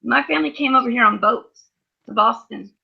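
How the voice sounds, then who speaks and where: A woman's voice: fairly high pitch, a little fast, gravelly, husky. A woman in her thirties hosting a livestream chat, telling rambling everyday stories. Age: 30s. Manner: rambling anecdotal storytelling. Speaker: livestream host. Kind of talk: casual chat. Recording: muffled lo-fi stream audio.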